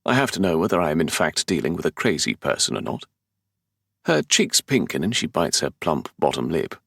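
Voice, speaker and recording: A man's voice: a bass voice, very animated, brisk, creaky, fairly bright tone, breathy edge, no room sound. A man with a London English accent narrating a romance audiobook in the first person, with a dry, sardonic, exasperated manner. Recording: dry close studio sound.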